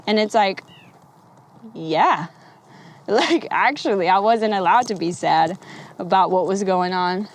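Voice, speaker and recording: A young woman vlogging straight to camera, talking candidly and rambling, swearing freely and laughing often. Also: fairly high pitch. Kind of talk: candid casual talk to camera.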